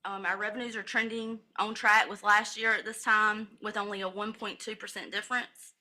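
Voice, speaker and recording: A woman county finance officer reads a monthly financial report at a public meeting in a county commissioners' meeting room. Her mid-range voice is bright and forceful yet level in tone, at normal speed, as she recites figures methodically with brief self-corrections.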